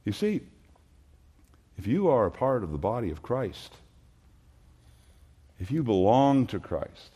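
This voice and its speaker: A man's voice: fairly low pitch, expressive, a little slow, pauses often, warm tone, husky. A man preaching an expository sermon in an earnest, emphatic way, posing rhetorical questions. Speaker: pastor.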